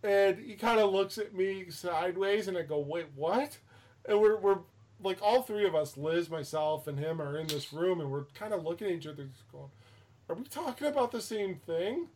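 A man's voice: sits high, fairly even intonation, fairly quick, darkish tone. A man hosting a casual chat, telling an anecdote with rambling restarts, fillers and swearing.

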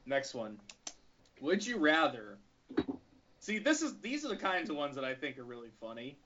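A man hosts a loose chat, reading out questions and laughing as he goes. His voice sits slightly high and swings widely. The recording is dull and lo-fi, with a faint hiss behind it. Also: moderate pace. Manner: animated, laughs often, acts out little voices. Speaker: podcast host reading questions. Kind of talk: casual chat. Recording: dull lo-fi sound with faint noise.

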